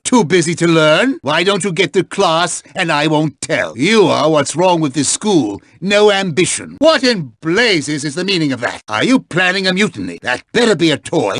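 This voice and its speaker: An actor voicing a stern, sarcastic member of a boarding school staff in a video game, scolding with cutting put-downs. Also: male voice, on the high side, a bit bright, dry recording, clean studio sound, exaggerated voice. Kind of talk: game voice acting.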